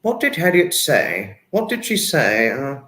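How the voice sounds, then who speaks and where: A man's voice: medium pitch, big pitch swings, a little slow, pushed and bright. A man hosting a casual livestream, reading out viewer comments in an emotional, repetitive way. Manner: emotional, repetitive, dwells on words. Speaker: livestream host. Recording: echoey room.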